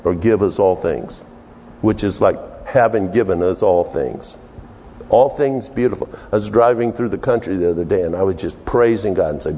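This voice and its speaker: A man's voice: moderate pace, mellow, slight background noise. A man preaching a conversational sermon, telling the story with emphatic, jumpy delivery. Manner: storytelling, emphatic, with sudden pitch jumps. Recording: long reverb of a large hall.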